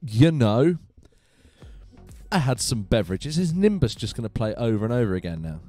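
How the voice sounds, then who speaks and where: A man hosting a casual gaming live stream from his home computer room, chatty and animated, laughing often. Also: mid-range voice, normal speed, faint music behind.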